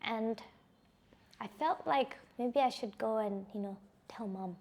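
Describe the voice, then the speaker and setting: A woman's voice: on the high side, unhurried, darkish tone. A woman giving a personal testimony, speaking in a reflective, hesitant way with frequent restarts and "you know.". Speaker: survivor sharing her personal story.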